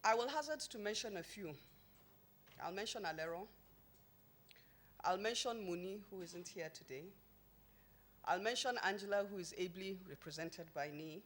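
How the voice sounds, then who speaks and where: A woman's voice: mid-range voice, normal speed, long pauses. A woman, a company founder, speaking at a podium microphone before an event audience, mixing a formal speech with humorous, emphatic anecdotes. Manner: humorous storytelling, emphatic and lively.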